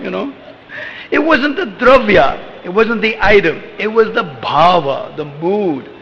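Speaking as a spiritual teacher, a man gives a loose, conversational religious talk that rambles, peppered with "you know" and little chuckles. His voice sits high and a bit bright. It was recorded in an echoey hall, sounding dull and lo-fi with faint noise.

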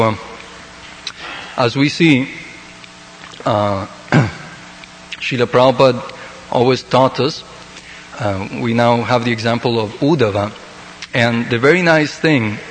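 Halting man preaching in a reverberant hall. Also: mid-range voice, fairly bright tone, slight background noise. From South America. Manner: hesitant, many fillers and restarts. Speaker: devotional speaker. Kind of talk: unscripted sermon.

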